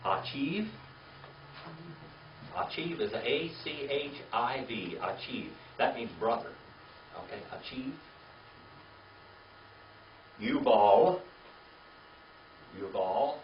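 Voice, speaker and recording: A man's voice: medium pitch, animated, very slow, pauses often, slight background noise. Man teaching a class in an echoey room. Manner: spells out words letter by letter, asks the class to repeat. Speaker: Bible teacher. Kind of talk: classroom Bible lesson. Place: classroom or church meeting room. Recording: echoey room, distant mic, dull lo-fi.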